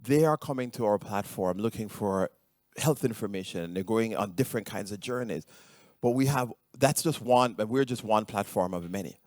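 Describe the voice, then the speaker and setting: A middle-aged man with a Jamaican accent speaks in a very low voice, giving a conference presentation. He stumbles through plenty of ums and restarts as he goes. The sound is close and dry, with no room around it. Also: moderate pace, a little mellow, dry recording. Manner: hesitant, many ums and restarts.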